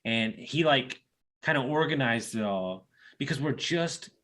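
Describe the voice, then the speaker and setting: A man's voice: mid-range voice, expressive, measured pace, a bit bright. A man hosting a podcast, talking bluntly and emphatically and swearing casually. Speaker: podcast host. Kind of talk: casual interview chat.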